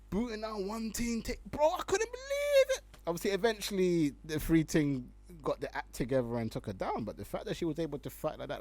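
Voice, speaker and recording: A young man with a medium-pitched voice hosts casual online commentary, slangy and animated, laughing often as he reads tweets.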